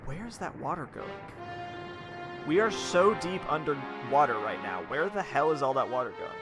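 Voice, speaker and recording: A man's voice: fairly high pitch, expressive, moderate pace, music in the background. A man giving joking, chatty commentary while playing a video game. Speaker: let's play gamer. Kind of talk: casual gameplay commentary.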